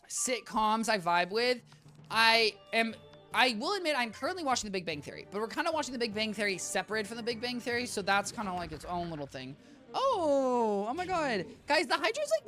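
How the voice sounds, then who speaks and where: Live game streamer, chatty and rambling, bright tense tone, faint music behind. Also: medium pitch, big pitch swings, fairly quick. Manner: chatty, rambling, addresses chat as guys. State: worn-out voice. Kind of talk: live-stream chat while playing.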